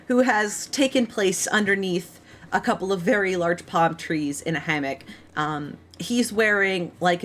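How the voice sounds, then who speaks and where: A woman's voice: lowish voice, a little hiss or hum. A woman with a tired, strained voice, narrating a tabletop game as game master, rambling with many ums and likes.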